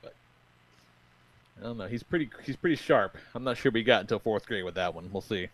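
A man's voice: lowish voice, fairly quick. A man co-hosting a podcast, telling family stories in casual chat, swearing freely and acting out what people said. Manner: animated storyteller, swears freely, acts out quotes. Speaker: podcast co-host.

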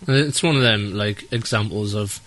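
A man, co-hosting a podcast in relaxed, rambling chat full of "like" and "um". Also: fairly low pitch, normal speed. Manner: laid-back and rambling, heavy use of "like" and "um". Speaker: podcast co-host. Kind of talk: casual chat.

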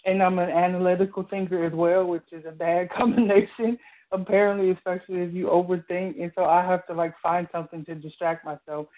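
A woman's voice: fairly low pitch, steady tone, brisk. A young woman speaking in a casual chat, telling her story with animation and many fillers. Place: radio studio. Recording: muffled radio broadcast audio.

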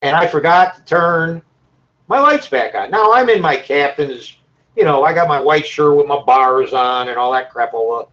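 A man's voice: on the high side, moderate pace. A man on a group call telling stories casually and laughing at them. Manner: animated, laughs at his own stories. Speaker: caller in a discussion group. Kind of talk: casual storytelling. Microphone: call audio. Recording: dull lo-fi call audio.

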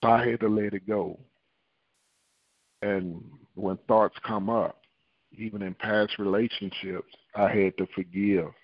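A man's voice: lowish voice, flat delivery, unhurried, dry recording. Fervent preaching man on a dull line. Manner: fervent, repetitive prayer with tongues. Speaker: prophet and preacher. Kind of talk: prayer and sermon on a phone line.

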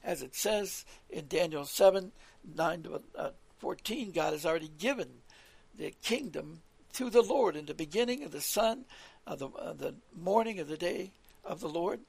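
A man's voice: high-pitched, expressive, moderate pace, gravelly, darkish tone, breathy edge, no echo. A man preaching an earnest, rambling scripture lesson, often repeating himself and restarting. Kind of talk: scripture teaching on a radio call.

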